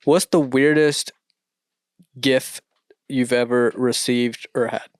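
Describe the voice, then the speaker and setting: A man's voice: medium pitch, steady tone, slow pace, no echo, studio quality. Easygoing young man asking questions. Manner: easygoing, asks questions, short replies. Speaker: podcast co-host asking questions. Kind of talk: casual chat.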